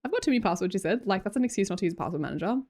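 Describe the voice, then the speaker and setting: Young Australian woman, casual livestream chatter, quick to laugh and squeal. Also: animated, darkish tone. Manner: chatty, laughs often, breaks into high squeals. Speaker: streamer. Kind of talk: casual chat reading live chat.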